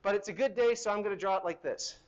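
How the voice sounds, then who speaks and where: A man's voice: high voice, fast talker. A middle-aged man teaching a university chemistry lecture in a hall, conversational and asking the class questions as he goes.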